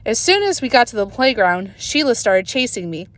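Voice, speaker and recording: A woman's voice: on the high side, normal speed, no room sound. A woman reading a children's book aloud expressively, recorded on a phone. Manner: expressive storytelling. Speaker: reader.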